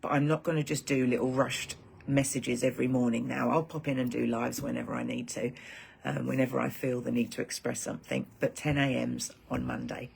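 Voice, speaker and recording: A woman's voice: a bass voice, little pitch movement, brisk, vocal fry, darkish tone, breathy edge. A woman hosting a live stream for her group, talking in a rambling, heartfelt casual chat.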